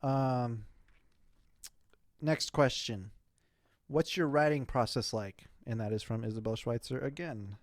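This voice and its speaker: A man's voice: mid-range voice, slow, pauses often, no echo, studio quality. A young man hosting his own show, answering listener questions in a loose, rambling casual chat with plenty of fillers and swearing.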